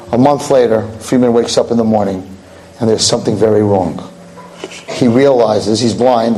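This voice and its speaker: A man telling a dramatic story, slowing down for emphasis. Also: on the low side, a little mellow, low-quality recording.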